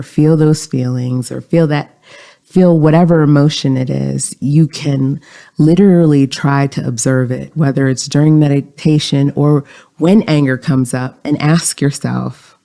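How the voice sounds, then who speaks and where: A podcast host giving calm, explanatory self-help advice in a coaching tone. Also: medium pitch, unhurried, vocal fry.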